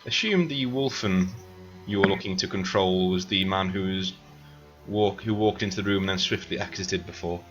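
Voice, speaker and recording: Man playing a cursed lord, scheming, bargaining, low voice, bright tone. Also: normal speed, highs cut off, soft background music.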